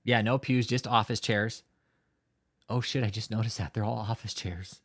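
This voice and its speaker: A man's voice: fairly low pitch, fairly even intonation, moderate pace, fairly bright tone. A man hosting a live stream, talking in a heated, profane rant and often swearing. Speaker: livestream host. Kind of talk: angry live-stream commentary.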